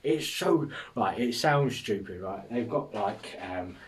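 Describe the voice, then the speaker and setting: A man's voice: fairly low pitch, lively intonation, takes it slowly, distant mic, noisy background. An English man hosting a podcast, rambling through a casual comic monologue, swearing and mocking himself as he goes. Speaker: podcast host.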